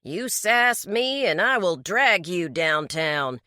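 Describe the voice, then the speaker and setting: A woman's voice: on the low side, sing-song, slow pace, bright, forceful tone, no echo, clean studio sound, heavily acted. A woman voicing a patronizing, menacing male deputy with a condescending, threatening way of talking.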